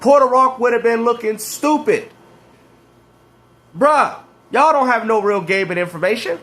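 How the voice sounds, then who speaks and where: A man's voice: extremely high pitch, moderate pace, fairly bright tone. A man reacting to clips and ranting about video games, mocking and slangy, laughing at his rivals. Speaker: gaming commentator.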